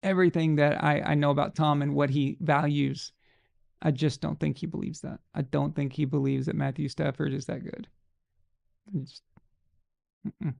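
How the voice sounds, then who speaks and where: A man with a fairly high voice and a gravelly, fried edge hosts a live show. He rants bluntly and casually about sports, swearing freely. The sound is dry and close. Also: level tone, normal speed, darkish tone, no echo.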